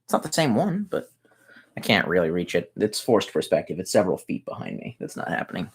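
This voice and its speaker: A man's voice: low voice, huge pitch swings, brisk, slightly rough. Rambling, profane male streamer. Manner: rambling and profane, often muttering asides. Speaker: livestreamer reading chat comments. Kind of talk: casual livestream chat. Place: his messy room at home.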